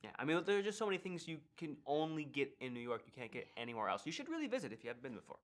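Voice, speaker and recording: An actor playing an eager, slightly flustered young groom in a video game. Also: male voice, medium pitch, very animated, very fast, natural voice. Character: eager young groom Todd from the big city.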